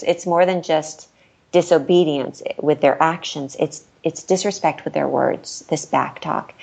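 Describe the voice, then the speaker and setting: A woman's voice: low voice, creaky, darkish tone. A woman author, a guest in a conversational interview, speaking earnestly and acting out what she says to her kids. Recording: dull lo-fi recording.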